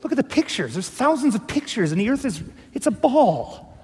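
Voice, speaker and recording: Guy preaching in a church hall, kinda high voice, lots of echo, asks the crowd stuff. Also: normal speed, breathy edge. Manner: animated, rhetorical questions, acts out dialogues. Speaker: pastor. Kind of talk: sermon. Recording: long hall reverb.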